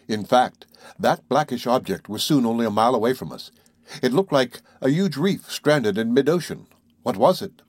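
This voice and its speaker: Man reading an audiobook, steady, husky, super dry close sound. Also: medium pitch, normal speed, no room sound. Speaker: narrator. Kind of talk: audiobook narration.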